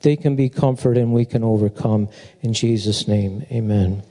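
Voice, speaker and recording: A middle-aged man gives an informal sermon at a memorial service, his voice very dark and mellow. He rambles in an easy, conversational way and keeps circling back to his point. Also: normal speed, slight background noise. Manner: rambling storyteller, animated, mimics a chirping bird in a high voice. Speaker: pastor speaking at a memorial.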